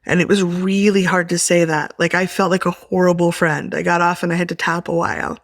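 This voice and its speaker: A woman speaking in a soft, reflective, halting way in a workshop, sharing her experience and calling out tapping points. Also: on the low side, flat delivery, dry recording, clean studio sound. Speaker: workshop participant.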